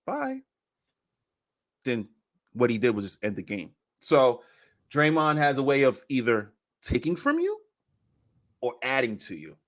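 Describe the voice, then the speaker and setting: A man on a podcast in casual chat about basketball, animated and repeating phrases for emphasis. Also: mid-range voice, unhurried, long pauses.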